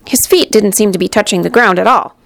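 Female storybook narrator; expressive, gravelly, higher register, dry close sound. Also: fairly quick, no room sound. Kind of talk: storybook reading aloud.

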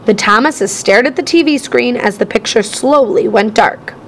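A woman's voice: a little high, moderate pace, fairly bright tone, slight background noise. A woman narrating a children's storybook in the first person, reading expressively. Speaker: audiobook narrator.

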